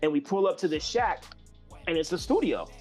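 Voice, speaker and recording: Brief: male guest from California, slightly high voice, chatty storyteller, lots of "like" and restarts. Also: a little fast, faint music behind. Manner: loose and animated, many fillers and restarts. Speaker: guest musician. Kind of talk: casual storytelling.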